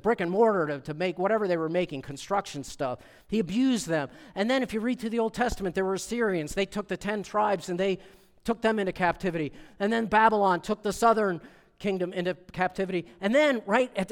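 Animated preaching man in a reverberant hall. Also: on the high side. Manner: animated preaching, acts out voices of people he quotes. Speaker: pastor. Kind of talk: sermon.

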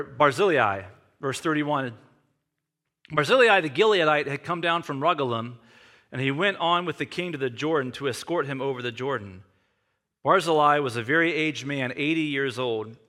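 A man's voice: on the high side, sharp tone. A man in his forties preaching a sermon, reading scripture and telling self-deprecating stories in a conversational way. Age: 40s. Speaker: pastor.

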